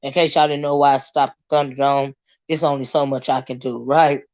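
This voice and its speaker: A hoarse woman, hosting a casual livestream, greeting viewers and chatting with many fillers and asides. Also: rumbling low, little pitch movement, fairly quick, a little mellow. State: hoarse, lost her voice. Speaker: livestream host.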